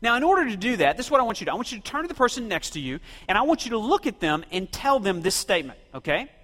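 A man's voice: sits high, big pitch swings, racing, pushed and bright. A man preaching a sermon, asking his congregation questions and telling them what to do. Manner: rhetorical, quizzes and directs the congregation. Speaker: pastor. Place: church sanctuary. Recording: long reverb of a church hall.

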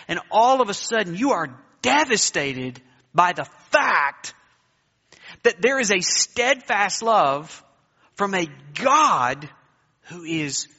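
A bright, high-pitched male preacher delivering a sermon with lively swings in his voice. He talks emphatically, pausing for weight and calling on the congregation to say it back. The sound is dull and lo-fi, ringing in a long church reverb. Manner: emphatic, dramatic pauses, urging the congregation to respond aloud. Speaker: pastor. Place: church sanctuary. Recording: echoey hall, dull lo-fi sound.

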